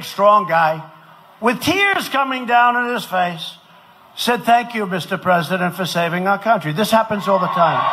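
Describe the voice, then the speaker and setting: A man from the United States giving a campaign rally speech, shouting and repeating phrases for emphasis. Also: high voice. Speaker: politician addressing a rally. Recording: rally recording with clear background noise.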